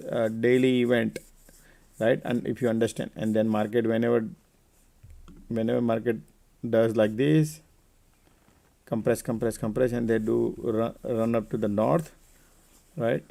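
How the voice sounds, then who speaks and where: A man's voice: medium pitch, fairly even intonation, moderate pace, vocal fry, long pauses, mellow. A man hosting a live trading stream, giving casual market commentary and chatting with viewers by name.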